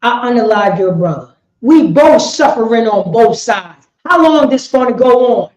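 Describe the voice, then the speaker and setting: A woman teaching a religious law class in an impassioned preaching style, repeating herself with emphasis and swinging between shouts and quiet words. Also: on the high side, animated, moderate pace. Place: indoor meeting room. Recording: roomy, slightly dull lo-fi sound.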